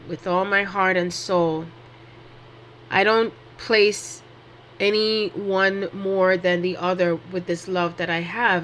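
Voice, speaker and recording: A woman's voice: lowish voice, a bit bright, slight background noise. Heartfelt rambling woman spiritual teacher. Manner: heartfelt, rambling, with frequent fillers and restarts. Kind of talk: casual spiritual monologue.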